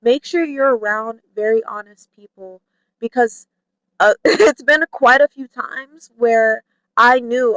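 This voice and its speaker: A woman vlogger talking candidly to camera in a chatty way, full of "like" and "you know", who mimics her friends in a high playful voice. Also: slow pace, a bit bright, clear, resonant tone, no echo, lo-fi sound. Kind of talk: candid personal talk to camera.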